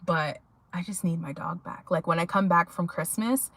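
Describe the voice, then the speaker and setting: A woman's voice: lowish voice, normal speed, a bit bright, no echo. A young adult woman vlogging to her viewers, telling a rambling story in a chatty way with many fillers. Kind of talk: casual chat to viewers.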